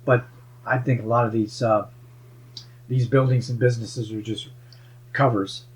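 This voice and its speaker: A man's voice: mid-range voice, fairly even intonation, moderate pace, low-quality recording. A man musing about hidden bases and strange sightings in a wandering, conspiratorial way. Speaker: paranormal investigator, show regular. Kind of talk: casual chat.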